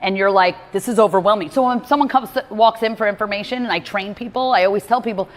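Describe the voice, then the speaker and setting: A woman hosting a motivational talk, animated and acting out what other people say. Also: mid-range voice, fast, big-room sound. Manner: animated, acts out quotes from others. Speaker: host.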